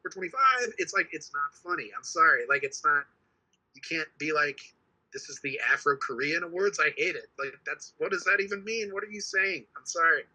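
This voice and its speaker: Bright, husky man ranting on a podcast. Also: on the high side, animated, fairly quick, poor audio. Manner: heated, swears often, repeats himself. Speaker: podcast co-host. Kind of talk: casual chat.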